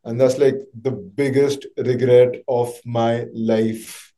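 A man's voice: medium pitch, level tone, slow, warm tone. A man in his twenties from India, a podcast guest chatting in a laid-back way and filling his speech with "like" and "you know". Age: 20s. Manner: laid-back, filler-heavy, says like a lot. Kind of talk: casual chat.

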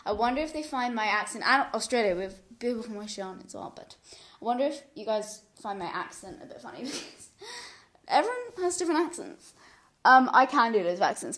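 Chatty woman rambling on her podcast. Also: fairly high pitch. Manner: rambling, chatty, often laughing. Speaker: podcast host. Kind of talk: solo casual podcast chat. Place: couch at home, indoors. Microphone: large studio mic pulled up close.

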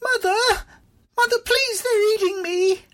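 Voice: expressive, slow pace, fairly bright tone, full character voice. A narrator voicing a frightened young boy who cries and stammers in an audiobook. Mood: screaming. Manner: crying, stammering, shrill. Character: terrified young boy pleading with his mother.

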